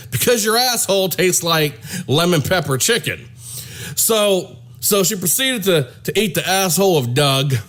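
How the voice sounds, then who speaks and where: This is a man spinning a crude comic story in a rambling way, restarting and repeating himself as he goes. His delivery is animated and loose. His voice sits slightly above the usual male pitch. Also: unhurried. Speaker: comedian storyteller.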